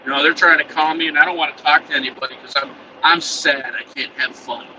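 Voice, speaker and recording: A man's voice: fairly high pitch, steady tone, quick pace. A man telling a rambling, profane story in a casual chatty way, chuckling now and then, from inside a truck cab. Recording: distant mic with loud vehicle noise.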